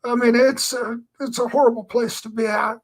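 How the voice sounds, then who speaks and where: A man's voice: very high voice, flat delivery, normal speed, rough recording. A man giving an earnest personal testimony, telling his story in a meandering way with lots of filler phrases. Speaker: Christian speaker.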